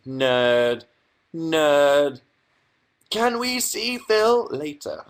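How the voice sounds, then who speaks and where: A young man from England hosting a casual livestream from his bedroom, reading out viewer comments and answering them with dry, sarcastic asides. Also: fairly low pitch. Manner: reads chat aloud, dry sarcastic asides. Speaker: livestream host.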